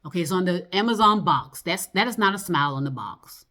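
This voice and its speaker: A woman with a notably low voice talks in a loose, rambling monologue. She drifts between thoughts, circles back on herself and swears freely. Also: animated, fairly quick, sharp tone. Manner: rambling, loose and profane, lots of fillers and laughs.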